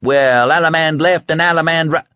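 A man's voice: on the high side, sing-song, a little fast, a bit bright, dry recording, pitched above the performer's own voice. A man voicing a crazed, reckless young man who sings crude songs, barks orders and swears. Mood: taunting singsong. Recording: dry dull lo-fi audio.

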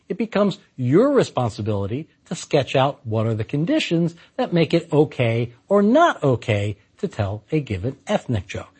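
A man's voice: medium pitch, darkish tone, breathy edge. A man giving a scripted philosophy lecture in an emphatic way with dry humor.

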